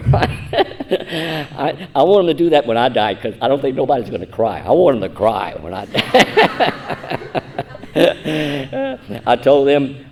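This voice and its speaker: A man's voice: medium pitch, darkish tone, a little hiss or hum. A man in his seventies giving a rambling, self-mocking personal talk at a church conference, chuckling often. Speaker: conference speaker.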